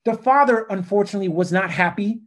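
A man telling stories in a casual podcast chat, animated and fond of saying "literally" and "right?". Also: sits high, fast. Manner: animated storyteller, says "literally" and "right?" often. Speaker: podcast guest.

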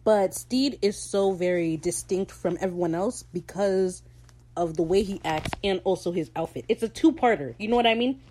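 A woman's voice: lowish voice, normal speed, mellow, slight background noise. A woman hosting a podcast, recapping a TV episode in slangy, opinionated casual chat and laughing easily. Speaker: podcast host.

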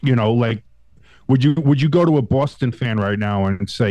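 A man's voice: mid-range voice, moderate pace, no room sound. Rambling male sports podcaster with a cold. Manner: rambling, animated, swears, many restarts. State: getting over a cold. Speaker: podcast co-host. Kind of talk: casual sports chat.

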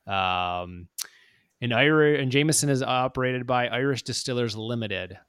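A man in casual podcast chat who rambles, restarts and jokes around. His voice is smooth and clear, recorded close in a dry, dead space. He sits at a middling pitch. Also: moderate pace, a bit bright, dry recording. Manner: rambling, self-correcting, jokey. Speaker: podcast co-host.

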